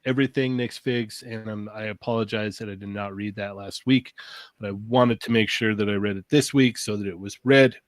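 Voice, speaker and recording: A man's voice: fairly low pitch, steady tone, brisk, no room sound. Chill guy reading out chat on a live show, dry audio. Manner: laid-back, reading out viewer comments. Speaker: podcast co-host. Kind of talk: casual livestream chat.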